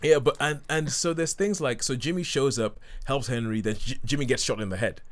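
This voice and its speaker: A man's voice: mid-range voice, fairly quick. A man hosting a casual film review chat, rambling with many restarts and acting out quotes from scenes.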